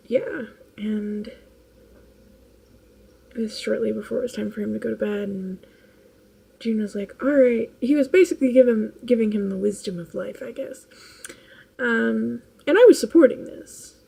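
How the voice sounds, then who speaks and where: A tired woman rambles through a casual vlog chat, laughing often as she goes. Her voice sits a touch high but has a mellow, dark color. It carries a gravelly, husky edge. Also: a little slow, pauses often, rough recording. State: tired late at night. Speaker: vlogger.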